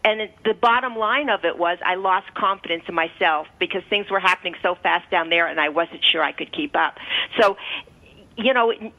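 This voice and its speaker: A woman from Canada speaks in a relaxed, reflective way, pausing and restarting as she thinks. The recording is dull and lo-fi, like a talk radio broadcast. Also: mid-range voice. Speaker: co-host, former stock trader.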